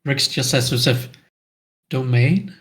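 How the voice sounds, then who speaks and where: A man in a tabletop game describes what his character does in a loose, hesitant way. He often stops with a filler before going on. His voice sits at a middle pitch. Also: fairly even intonation, moderate pace. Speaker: player. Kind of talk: casual tabletop game narration.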